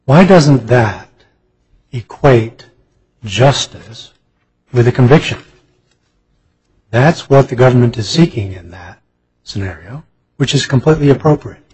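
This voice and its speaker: A male judge presses counsel with probing, deliberate questions from the bench. His voice is very raspy, and a long reverb trails every phrase, as it does in a large courtroom. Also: mid-range voice, animated, a little mellow. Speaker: appellate judge.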